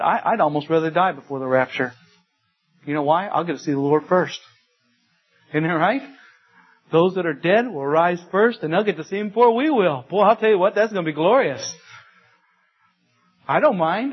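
In a lo-fi, dull-sounding recording, a drawling middle-aged pastor delivers a sermon built on homespun stories and emphatic repetition. He speaks briskly but pauses often, his husky voice sitting fairly high.

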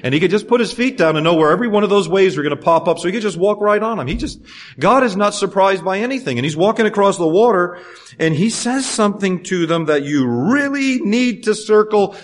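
A man preaching a sermon, animated, swinging from loud passages to hushed ones and acting out the quoted voices. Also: sits high.

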